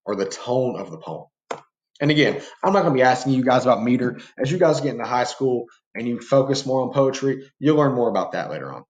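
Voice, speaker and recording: A man gives a pre-recorded lesson to his students in a relaxed, conversational way, checking in with them often. His voice sits at an ordinary pitch, and the room around him sounds roomy and echoey. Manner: casual, talks to students as guys, frequent fillers and rhetorical "right?". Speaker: teacher.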